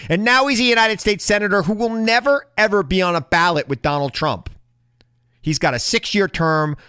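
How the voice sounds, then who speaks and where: A man delivers a heated political rant into a close, dry mic with no room sound. His voice sits a little high for a man. He talks with open indignation and keeps pressing hard with rhetorical questions. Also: moderate pace, pushed and bright, clear, resonant tone, no echo. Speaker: political commentator. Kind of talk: impassioned political monologue.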